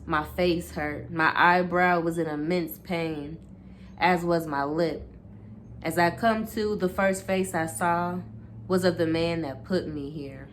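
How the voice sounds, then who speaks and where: A woman's voice: on the low side, steady tone, slow pace, slight background noise. A woman reading a memoir aloud in a casual way, stopping now and then to correct herself and reread.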